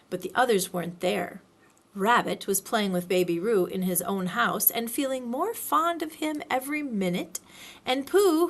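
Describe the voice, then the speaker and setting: A woman librarian reading a children's storybook aloud with expressive storytelling. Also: mid-range voice.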